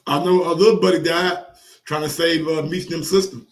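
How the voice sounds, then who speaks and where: Excitable high-voiced man in an echoey room. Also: fairly quick, distant mic. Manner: excitable, profane, repeats phrases for emphasis. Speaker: boxing commentary channel host. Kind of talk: casual reaction commentary.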